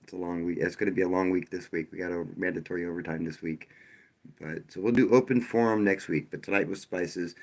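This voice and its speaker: A man's voice: low-pitched, fairly even intonation, fast talker, a little mellow. A man hosting a live stream, talking loosely and casually, with frequent restarts and a wry, sarcastic edge. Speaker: livestream host.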